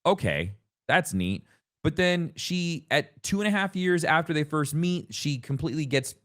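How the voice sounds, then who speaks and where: A man co-hosting a casual gaming podcast, talking in long rambling stretches with frequent restarts and bursts of excitement. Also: medium pitch. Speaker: podcast co-host.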